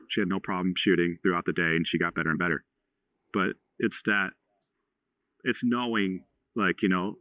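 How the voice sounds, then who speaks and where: A man in his forties from Texas, a podcast guest telling a story in a halting way, with many restarts and fillers. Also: sits low, sharp tone, no echo. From Houston, Texas. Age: 40s. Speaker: podcast guest, franchise owner. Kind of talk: casual storytelling. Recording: slightly dull lo-fi sound.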